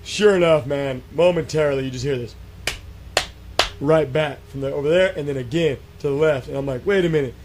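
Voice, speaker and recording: A man's voice: fairly high pitch, fairly quick. A man with a slightly raised voice tells a story casually and with animation, acting out what was said with plenty of fillers and restarts. A faint hiss of noise runs under the voice. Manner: animated, acts out quotes, many fillers and restarts. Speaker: guest telling an encounter story. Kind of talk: casual storytelling on a radio show.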